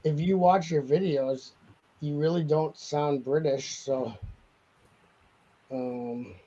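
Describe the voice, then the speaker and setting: Man, live-stream host, casual banter, laughs often, higher pitch, lo-fi audio. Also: fairly even intonation, slow, dark tone. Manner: jokey, laughs a lot, slips into mock accents.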